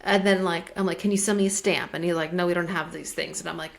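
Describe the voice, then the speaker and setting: A woman's voice: on the low side, steady tone, fast, gravelly. A woman co-hosting a podcast in casual chat, telling rambling stories and acting out the other people's lines, with lots of "like". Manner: rambling storyteller, acts out dialogue, frequent "like". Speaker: podcast co-host. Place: lives in German-speaking Switzerland.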